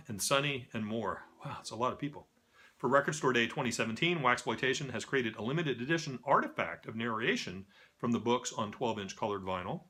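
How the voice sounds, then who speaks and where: A man's voice: medium pitch, sharp tone. A man from a record store reading out upcoming vinyl releases, breaking off often for dry, self-mocking asides and stumbles over names. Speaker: record store staff presenting new releases. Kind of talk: casual scripted product rundown.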